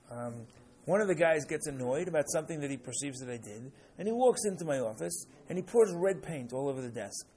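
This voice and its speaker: A man teaching a class, lecturing in an animated way and often checking in with "right?" while acting out examples. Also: fairly high pitch, slightly rough. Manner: animated, keeps asking "right?"; acts out examples with rising excitement.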